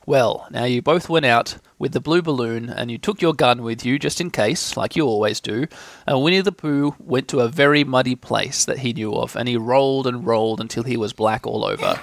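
A man reading a children's storybook aloud in a gentle, unhurried way. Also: mid-range voice, gravelly, no echo. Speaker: reader.

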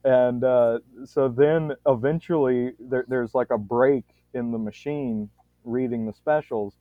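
A man on a podcast spins a long, rambling anecdote, often restarting his sentences and swearing casually. His voice comes through narrow and tinny, like a phone line, with a dry sound and no room echo. His pitch is average for a man. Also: steady tone, measured pace. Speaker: podcast storyteller.

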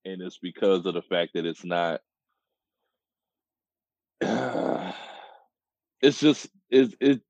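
Male podcast co-host, laid-back, low and slow delivery, dull dry lo-fi recording. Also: lively intonation, vocal fry, a little mellow, dry recording. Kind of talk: casual chat.

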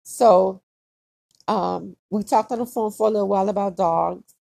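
A woman hosting a casual solo podcast, chatty and repetitive, with plenty of vocal fry. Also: medium pitch, steady tone, normal speed, warm tone, no room sound, studio quality. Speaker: podcast host.

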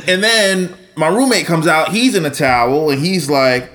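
A man telling a lively, laughing anecdote in a casual chat. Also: fairly high pitch, moderate pace.

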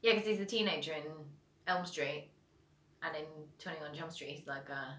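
A woman co-hosting a podcast in relaxed, chatty conversation. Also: deep voice, normal speed. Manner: relaxed, chatty, uses "I reckon" and "like". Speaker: podcast co-host. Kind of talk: casual chat. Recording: echoey room.

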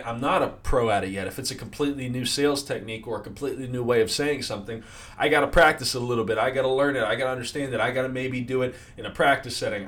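A man's voice: medium pitch, a bit bright. A man in the financial services industry giving a casual motivational talk, often checking in with "right?" and filler words. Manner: conversational, many fillers and "right?" tags. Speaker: sales leader in financial services.

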